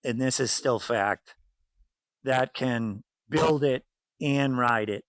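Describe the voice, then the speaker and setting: A man in his fifties with a Boston accent, from New England south of Boston, speaks slowly in a mid-range voice; the recording is dry and the audio poor. A former racer and team owner, he tells stories bluntly in a casual interview, acting out voices in his anecdotes.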